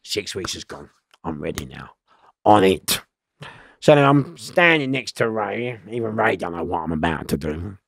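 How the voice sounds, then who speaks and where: A middle-aged man with a heavily gravelly voice that swings widely up and down as he tells his story. He swears freely and acts out other people's lines. The sound is close and dry, with no room behind him. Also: low voice, lively intonation, normal speed, fairly bright tone, dry recording. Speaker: interview guest. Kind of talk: animated storytelling.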